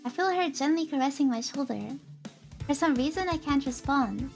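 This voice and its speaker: A young woman streamer reading a visual novel aloud in a soft, hesitant way, with filler sounds between lines. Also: high-pitched, normal speed. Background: faint game music.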